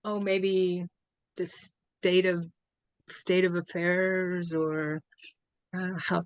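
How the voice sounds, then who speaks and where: A woman hosting an interview in a casual, enthusiastic way, answering with quick affirmations and frequent laughs. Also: fairly low pitch, level tone, smooth, no echo. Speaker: host.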